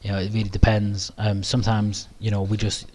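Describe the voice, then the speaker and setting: A man's voice: on the low side, completely flat delivery, brisk, darkish tone, slight background noise. A man with a British accent hosting a live webinar Q&A, talking in a modest, hesitant way with many ums and restarts. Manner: modest, self-deprecating. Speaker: webinar presenter.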